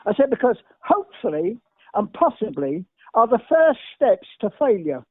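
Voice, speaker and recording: A man's voice: high-pitched, very animated, moderate pace, slightly rough, no echo. Older man with a tinny phone-like sound. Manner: emphatic, repetitive, rambling anecdotes. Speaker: guest. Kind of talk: anecdotal interview storytelling.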